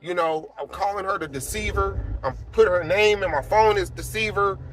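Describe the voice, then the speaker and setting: A man in his forties, an apostle, shares a personal testimony in a relaxed, rambling, conversational way full of fillers. His voice is fairly high for a man and moves at normal speed, swinging from quiet, subdued stretches to loud, emphatic ones. Traffic hums faintly behind him.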